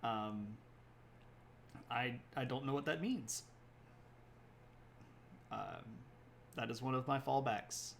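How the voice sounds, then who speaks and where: Man, history stream host, mid pitch, casual rambling talk, faint background hiss. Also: takes it slowly, creaky, pauses often. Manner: rambling, self-correcting, chats to viewers between points.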